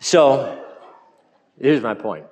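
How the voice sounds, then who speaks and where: A man preaching a sermon as pastor, telling folksy stories with jokes and slowing down to stress his points. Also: mid-range voice, very animated, a little mellow. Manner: storytelling, folksy and joking.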